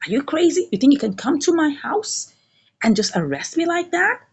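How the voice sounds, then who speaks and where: Woman playing a defiant guy being arrested, incredulous, high lively voice. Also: lo-fi sound. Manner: incredulous, rapid-fire questions. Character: indignant man under arrest, defiant and loud.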